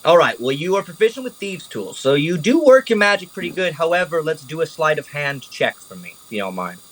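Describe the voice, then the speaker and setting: A man narrating a tabletop game as game master, animated and casual, swearing freely. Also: a little high, a little fast, poor audio.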